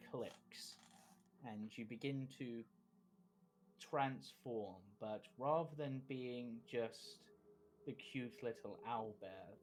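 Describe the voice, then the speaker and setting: A male game master narrates a tabletop scene in an unhurried, measured way. His voice sits at a middle pitch, and he pauses and restarts as he builds each description. Soft music plays underneath. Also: low-quality recording.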